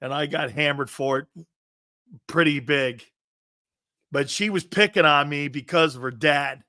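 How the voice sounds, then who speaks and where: Brash philly sports host, middle-aged man, slightly high voice, slow and punchy, dead dry mic. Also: no room sound. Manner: brash and loud, laughs often, rants in rhetorical questions. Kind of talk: sports talk show monologue.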